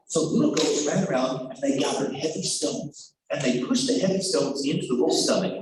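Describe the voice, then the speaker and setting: A male storyteller performing a folk tale for children, high-pitched and very lively in his swooping, theatrical narration. He sounds far from the mic in a very echoey room, with noise behind him.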